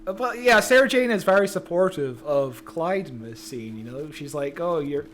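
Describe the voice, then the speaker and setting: Laid-back, slightly higher-voiced podcast man. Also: animated, normal speed, fairly bright tone, slight background noise. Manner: laid-back, chuckling, sarcastic asides. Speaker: podcast co-host. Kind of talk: casual review chat.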